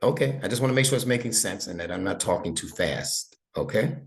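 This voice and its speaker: A man's voice: low voice, lively intonation, fairly quick, vocal fry. A middle-aged man tutoring a young student one-on-one, explaining patiently step by step and checking that he is understood. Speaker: Arabic instructor and imam.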